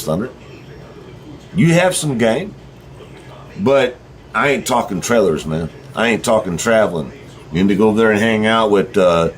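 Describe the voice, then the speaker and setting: A middle-aged man with a drawl delivering a blunt, profane ranting monologue to his viewers. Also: on the low side. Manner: blunt, heated, swearing freely. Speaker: vlogger.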